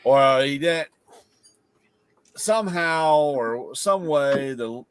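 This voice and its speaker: A man telling a relaxed, rambling story in casual chat. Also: medium pitch, drawn-out words, clear, resonant tone, no room sound.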